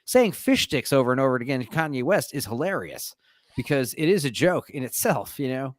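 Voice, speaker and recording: A man's voice: mid-range voice, very animated, brisk, no room sound. A man hosting a podcast in loose, profane, rambling casual chat. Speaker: podcast host.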